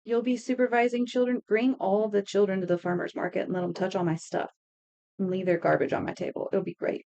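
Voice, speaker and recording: A woman's voice: fairly low pitch, fairly even intonation, a little fast, vocal fry, warm tone, highs cut off. A woman in her thirties chatting casually with viewers while making earrings on a live stream, telling stories and laughing. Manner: chatty, laughing, reading and answering chat. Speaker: craft streamer.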